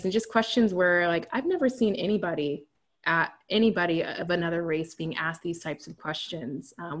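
Woman, panel guest, lowish voice, measured, articulate. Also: fairly even intonation. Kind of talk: casual panel discussion.

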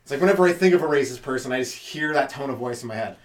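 A man's voice: mid-range voice, animated, rapid-fire, echoey room, far from the mic. A man doing a loose, profane comedy podcast monologue, full of rhetorical questions. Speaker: stand-up comedian podcast host.

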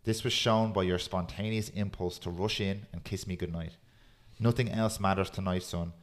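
A man hosting a podcast, chatting casually and reading a poem aloud in a steady, earnest way. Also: sits low, normal speed. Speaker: podcast host.

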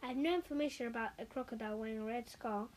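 Curt flat information clerk lady, voiced by a woman, brisk, storybook. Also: fairly high pitch, close to an everyday voice.

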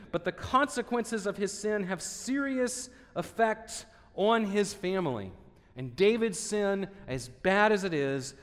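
A man preaching a sermon as pastor, earnest, reading scripture and dropping to a hushed voice for sorrowful passages. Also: sits high, in a large hall.

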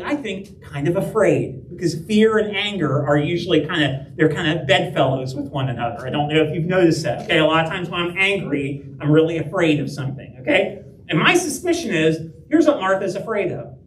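A man preaches in a casual, animated way, often checking in with his listeners. His voice is fairly high for a man. He sounds set back from the mic in an echoing church hall, with faint ambient noise behind him. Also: a little fast. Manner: conversational and animated, with frequent "right?" and "okay?". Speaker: pastor. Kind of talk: sermon. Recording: echoey room, heard from a distance.

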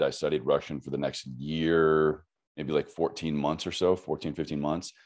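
A man, an army veteran and podcaster, telling his story in a relaxed, chatty interview with frequent fillers. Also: extremely low pitch, normal speed.

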